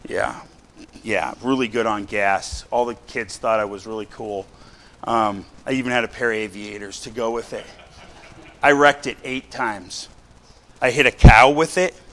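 A middle-aged man preaching a sermon to his congregation, chatty and animated, full of rhetorical questions and asides. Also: lowish voice, unhurried, slight background noise. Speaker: pastor. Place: church sanctuary.

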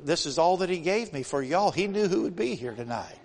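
A man's voice: a little high, expressive, fairly quick. A man preaching a sermon as a guest preacher in a church. He speaks in a folksy way, asks the congregation many questions, and builds to emphatic points. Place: church sanctuary. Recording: long reverb of a large hall.

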